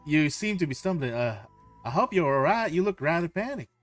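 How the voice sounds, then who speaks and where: Man putting on a high, fretful innkeeper. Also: very animated, brisk, soft background music. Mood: concerned. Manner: high-pitched, fussy, concerned. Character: fretful male innkeeper, polite and anxious.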